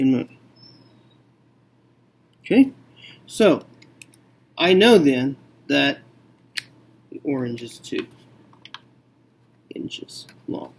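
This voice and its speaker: Slow, gravelly male math teacher. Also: medium pitch, sing-song. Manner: slow, thinking aloud with many okays. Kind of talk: math lesson walkthrough.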